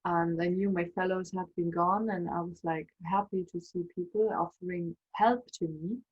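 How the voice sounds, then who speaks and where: A woman telling a personal story in an emotional, animated way. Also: lowish voice, normal speed, slightly rough, muffled recording. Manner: emotional, animated, acts out quoted voices. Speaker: spiritual coach and storyteller.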